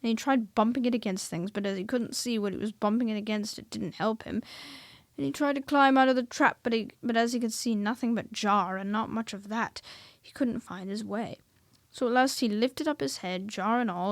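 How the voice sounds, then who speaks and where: A woman reading a children's storybook aloud, expressive and dropping to hushed whispers at tense moments. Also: a little high, normal speed, no echo.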